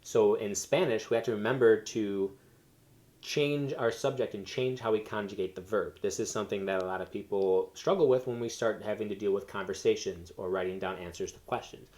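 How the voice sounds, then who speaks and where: Low-voiced man teaching a Spanish lesson. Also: fairly quick, a little mellow. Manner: explains step by step with fillers and self-corrections. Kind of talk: recorded classroom lesson.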